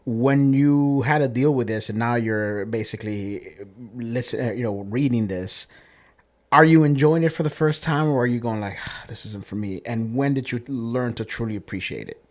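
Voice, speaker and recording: A man hosting a casual podcast interview, asking questions in a relaxed, hesitant way. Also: medium pitch, normal speed. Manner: relaxed, hesitant, with frequent fillers and restarts. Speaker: podcast host.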